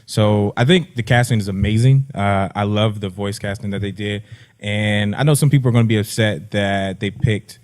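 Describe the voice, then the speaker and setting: A man's voice: lowish voice, moderate pace, a little mellow. A man from Los Angeles on a movie chat panel, easygoing, with frequent "uh" fillers. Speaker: podcast panelist.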